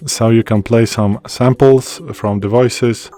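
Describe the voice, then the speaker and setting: A man from Poland with a Polish accent, a native Polish speaker, calmly walking through phone settings in a casual tutorial with loose, hesitant phrasing. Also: mid-range voice, slow, soft background music. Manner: plain, loosely worded explaining with hesitations. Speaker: tech tutorial presenter. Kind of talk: casual screen walkthrough.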